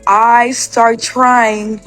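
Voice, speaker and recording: A young woman speaks in a bright, high register, spilling out a personal story in loose storytime fashion. Her sentences are padded with "like" and restart often. Faint music sits underneath. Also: flat delivery. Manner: rapid, filler-heavy with constant "like". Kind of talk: casual storytime.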